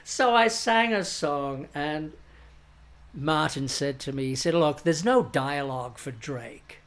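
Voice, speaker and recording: A man's voice: fairly high pitch, takes it slowly, fairly bright tone. An older man, a stage actor, tells an anecdote in an interview and acts out the voices of the people he quotes. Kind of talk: anecdotal storytelling.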